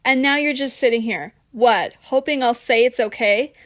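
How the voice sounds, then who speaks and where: A woman voicing a calm, cold, composed young woman who speaks firmly and gives no ground. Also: fairly high pitch, normal speed, natural voice.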